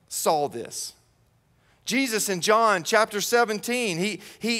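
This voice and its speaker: Animated preacher in a reverberant hall. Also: male voice, sits high. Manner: animated storytelling, acts out quoted voices, repeats words. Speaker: pastor. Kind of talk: sermon.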